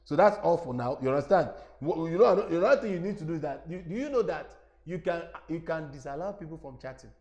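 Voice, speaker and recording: A middle-aged Nigerian-accented man teaches a webinar through a lapel mic, speaking fast in a slightly high voice. He is animated, repeats himself and addresses his listeners directly, though the audio sounds dull.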